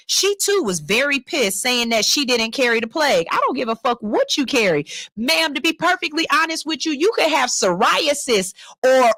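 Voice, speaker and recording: A woman's voice: fairly high pitch, no room sound. A woman, hosting a radio show, talking bluntly and profanely and reading out a listener's letter. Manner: blunt, profane and animated, slipping into loud mocking voices for her stories. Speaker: radio host. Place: radio studio. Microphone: studio microphone.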